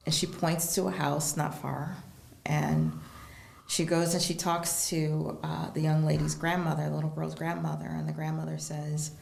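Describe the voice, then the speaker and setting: A woman guest telling a personal story in a relaxed interview, animated and acting out the people she quotes. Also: low-pitched, moderate pace, gravelly, reverberant, a little hiss or hum.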